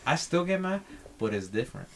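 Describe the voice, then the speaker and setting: A man's voice: mid-range voice, big pitch swings, a little fast, vocal fry. Slangy man arguing playfully, bro every line. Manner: slangy, keeps saying bro, argues playfully. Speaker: podcast guest. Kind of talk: casual podcast chat.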